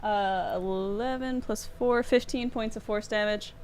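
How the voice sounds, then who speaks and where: A woman's voice: mid-range voice, fairly even intonation, unhurried, darkish tone, a little hiss or hum. Giggly woman playing a tabletop game. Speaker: player. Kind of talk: casual tabletop play.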